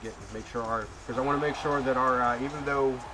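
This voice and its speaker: A male streamer in a loose, jokey mood chats his way through a wrestling game. His pitch sits in a middle range, and he keeps trailing off and restarting his sentences. A steady hiss of background noise runs under his voice. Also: quick pace. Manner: rambling, full of fillers and restarts, jokey. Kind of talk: casual chat.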